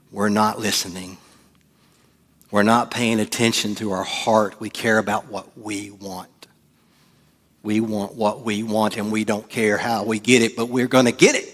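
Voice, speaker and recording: A middle-aged man, preaching a sermon as pastor, swinging from hushed asides to loud, animated delivery. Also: medium pitch, long reverb tail.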